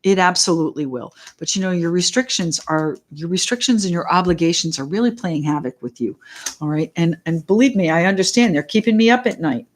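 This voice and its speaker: Middle-aged woman doing a live tarot reading, excited and chatty, talks right to the viewers. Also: on the low side, brisk. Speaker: tarot reader.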